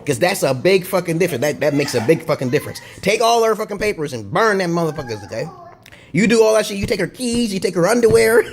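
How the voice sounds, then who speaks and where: A man's voice: sits high, lively intonation, fairly quick, slight background noise. A man ranting to his own camera in a casual vlog, profane and rambling, repeating himself and tossing in "okay?" again and again. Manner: profane, rambling, digressive monologue. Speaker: video blogger.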